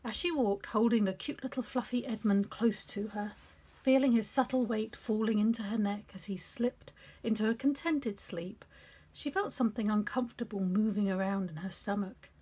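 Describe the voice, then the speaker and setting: A woman's voice: mid-range voice, moderate pace, warm tone, breathy edge. A middle-aged woman reading aloud a story she wrote and breaking off for chatty asides, recorded in her home office.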